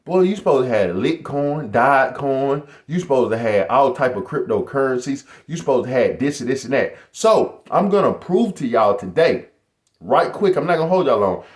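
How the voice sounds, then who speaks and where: A man's voice: mid-range voice, lively intonation, normal speed, reverberant. A middle-aged man talking casually to his viewers in a boastful, motivational vlog style. He keeps calling them "y'all.". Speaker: YouTuber.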